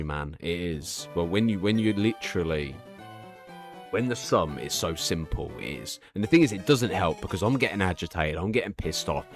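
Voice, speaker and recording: Low-voiced guy rambling and swearing on stream, faint music behind. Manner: swears freely, rambling storytelling. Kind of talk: casual chat.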